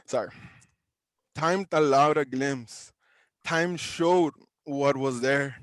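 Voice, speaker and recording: Slow-reading man performing his poetry. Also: mid-range voice, dry recording. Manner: slow, deliberate reading with pauses. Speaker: open mic poet. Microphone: video call.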